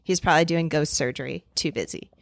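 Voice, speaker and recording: A woman's voice: sits low, fast, creaky, no echo. A woman co-hosting a podcast, casually telling and reading out old local stories, rambling and restarting as she goes. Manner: rambling storyteller, reads old articles aloud. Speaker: podcast co-host. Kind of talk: casual chat.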